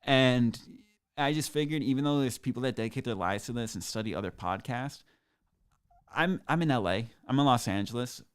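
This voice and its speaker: A man's voice: medium pitch, expressive, a little fast, smooth. A man hosting a comedic podcast solo, rambling in a boastful, sarcastic, mock-grandiose way. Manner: self-aggrandizing, sarcastic, rambling. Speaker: podcast host.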